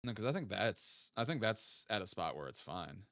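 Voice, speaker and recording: A man's voice: fairly low pitch, big pitch swings, moderate pace, fairly bright tone, dry recording, clean studio sound. A young man casually thinking aloud and joking while streaming a geography guessing game. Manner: chatty, thinks aloud, jokey asides. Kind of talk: casual gaming stream chat.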